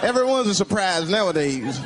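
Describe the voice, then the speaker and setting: A male stand-up comedian who tells profane, incredulous bits in an animated way. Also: high voice, normal speed. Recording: live show with audience laughter and noise. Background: audience laughter.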